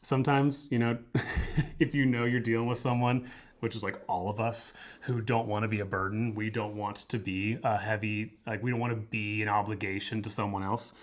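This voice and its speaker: A man's voice: lowish voice, fairly even intonation, normal speed. A man preaching as a pastor, talking conversationally and emphatically, repeating his points and checking in with "right?". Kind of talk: sermon.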